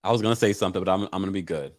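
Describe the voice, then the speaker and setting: A man's voice: deep voice, rapid-fire. A man hosting a live recap of a TV show, talking casually and emphatically, often repeating his points. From Jamaican family. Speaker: show host.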